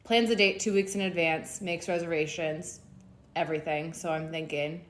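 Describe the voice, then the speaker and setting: A woman telling a dating story in a relaxed, conversational way, with casual fillers. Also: deep voice, normal speed.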